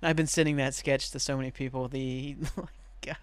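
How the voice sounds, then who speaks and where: A man's voice: mid-range voice, flat delivery, normal speed, clear, resonant tone, dry recording. A young man hosting a podcast in casual, rambling chat, laughing often and swearing now and then. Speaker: podcast host.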